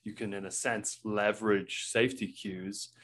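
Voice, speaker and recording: A man interviewing a guest in a relaxed, conversational way, sometimes repeating his first words. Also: on the low side, moderate pace, slight background noise. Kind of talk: casual conversation.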